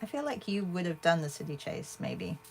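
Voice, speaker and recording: A woman with a gravelly, fry-tinged voice chats her way through a painting livestream. She thinks out loud and answers viewers between strokes. A faint hiss sits under her voice. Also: fairly low pitch, sing-song, moderate pace. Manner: chatty, thinks aloud and answers viewers' comments. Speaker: art livestream host. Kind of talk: casual livestream chat while painting.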